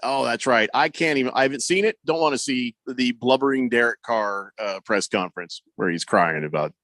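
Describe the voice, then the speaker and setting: A man hosting a sports radio show in casual talk, reading listener messages aloud with a mocking, animated manner. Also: mid-range voice, brisk, no echo.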